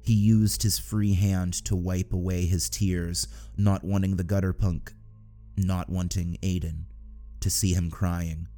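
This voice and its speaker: A male narrator reads a dark tale in a steady, subdued way. His voice is low, mellow and fairly flat, with faint music underneath. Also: a little slow. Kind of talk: scripted audiobook narration.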